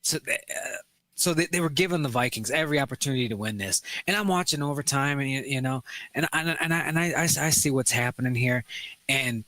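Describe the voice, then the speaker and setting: A man co-hosting a podcast in casual chat, excitable and swearing as he rants. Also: medium pitch, fairly quick. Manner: excitable, swears often, rants about sports. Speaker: podcast co-host.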